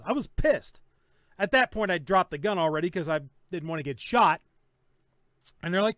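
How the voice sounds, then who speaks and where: A man's voice: high voice, animated, a little fast, fairly bright tone, dry recording. A middle-aged man hosting a casual live-stream podcast, telling stories bluntly and with plenty of swearing. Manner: blunt, profane storytelling. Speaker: podcast host.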